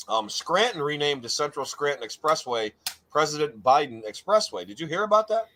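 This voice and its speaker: A man's voice: fairly high pitch, animated, a little fast, bright, forceful tone, a little hiss or hum. A man hosting a live talk show, chatting loosely with many restarts and putting on a mock-grand tone for introductions. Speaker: podcast host. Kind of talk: casual live show chat.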